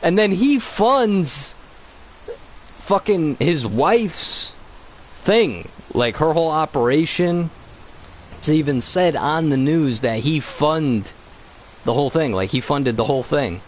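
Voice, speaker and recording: A man's voice: a little high, expressive, slow, slight background noise, low-quality recording. Profane rambling man, gaming chat. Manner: profane, ranting, loose and rambling. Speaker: gaming channel co-host. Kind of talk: casual gaming commentary.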